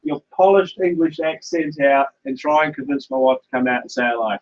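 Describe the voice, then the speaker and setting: A man with a slightly high voice talks briskly on a casual live stream set in his home fish room. He reads comments and thinks out loud, and the stream audio comes through dull and lo-fi.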